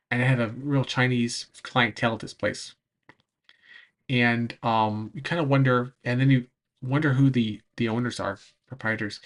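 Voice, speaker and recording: A man chatting casually on a livestream, answering chat, rambling and often pausing to search for words, with frequent laughs. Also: medium pitch. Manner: laughs between phrases. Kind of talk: casual livestream chat over travel footage.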